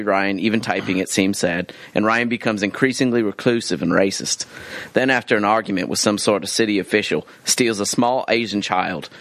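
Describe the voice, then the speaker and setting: A man's voice: lowish voice, fairly bright tone, no echo. A man co-hosting a casual comedy podcast, reading a listener's letter aloud in an easygoing way.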